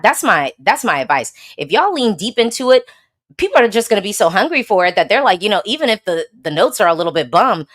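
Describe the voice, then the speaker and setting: A woman's voice: on the low side, fairly bright tone. A woman from the United States hosting a casual livestream, chatting sassily and answering viewer comments. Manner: chatty, sassy, frequent laughs and emphatic repeats. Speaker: Eurovision blogger, host.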